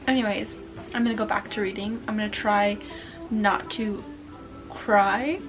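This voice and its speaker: A woman's voice: mid-range voice, fairly even intonation, a little slow, music in the background, poor audio. A young woman vlogging in a casual, chatty way, gushing and emotional as she talks to her viewers. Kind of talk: casual chat to camera.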